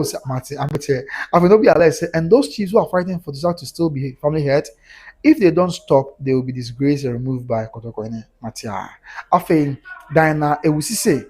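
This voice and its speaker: Husky man hosting a live stream. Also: a little high. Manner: animated, mixes local words into English. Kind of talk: live stream chat reading viewer comments.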